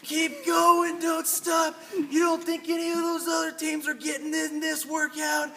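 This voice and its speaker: A young man impersonating a female running coach who shouts encouragement at runners. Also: extremely high pitch, completely flat delivery, measured pace, creaky, soft background music, pitched above the performer's own voice, full character voice. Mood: yelling, pushing. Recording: distant mic, faint hiss.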